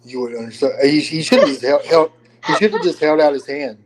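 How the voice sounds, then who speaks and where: A man's voice: a little high, animated, brisk, poor audio. A man co-hosting a casual chat, with dry, teasing remarks. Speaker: podcast co-host.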